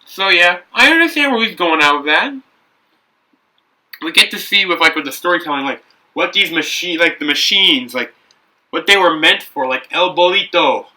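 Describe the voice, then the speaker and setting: A man's voice: a little high, animated, normal speed, bright, forceful tone, recorded from a distance, low-quality recording. A young man hosting a building video, chatting casually and rambling with frequent restarts and self-corrections. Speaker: brick builder and video host. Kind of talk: casual talk while building.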